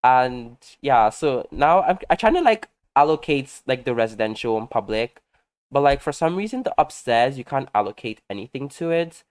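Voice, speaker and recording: A man talking casually over his gameplay, telling gossipy stories in a sassy, animated way and laughing often. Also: mid-range voice, normal speed, smooth. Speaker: game content creator.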